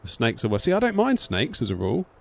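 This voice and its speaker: A medium-pitched voice with vocal fry comes fast from a British man in his thirties, a flight sim streamer from the United Kingdom. In a casual live-stream chat he tells rambling, animated stories, performing the quoted voices.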